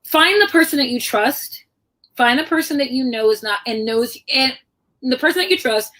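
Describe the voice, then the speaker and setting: A middle-aged woman author, appearing as a guest, tells personal stories in a lively, conversational way and acts out the voices of the people she quotes. Her voice is high-pitched and her speed normal.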